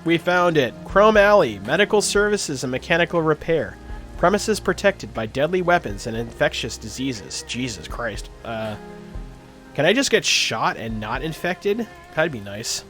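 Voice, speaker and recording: A man's voice: fairly high pitch, very animated, moderate pace, fairly bright tone, faint music behind. A man streaming a game live, reading its text aloud and chatting about his choices.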